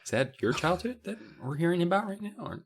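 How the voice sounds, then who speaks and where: A man's voice: high voice, sing-song, a little fast, husky. A man co-hosting a podcast who recaps a story in casual chat with wry, profane, jokey asides. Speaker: podcast co-host.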